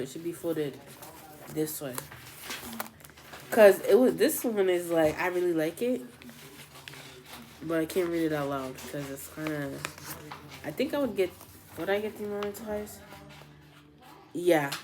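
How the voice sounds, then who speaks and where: A woman's voice: on the low side, a little slow, long pauses, background noise. A young woman chatting casually to her camera at home, gushing about a book with lots of "like" and "literally.". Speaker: vlogger.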